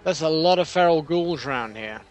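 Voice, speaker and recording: A man giving casual commentary while playing a video game, chatty and prone to excitable outbursts and swearing. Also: fairly high pitch, normal speed, lo-fi sound, soft background music. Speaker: let's play gamer.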